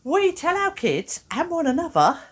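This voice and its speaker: A woman, a therapist giving a playful, expressive workshop talk with self-mocking humor. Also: high-pitched, moderate pace.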